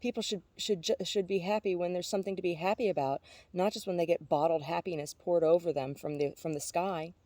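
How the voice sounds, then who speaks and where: A woman's voice: fairly low pitch, fairly even intonation, fairly quick, few pauses, dark tone, no room sound, natural voice. A woman reading a glum, earnest boy.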